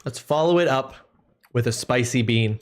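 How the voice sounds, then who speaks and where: A man in the middle of a live game stream keeps things playful, joking and talking to his chat between gameplay. His voice is mid-range and his pace moderate, and game music can be heard behind him.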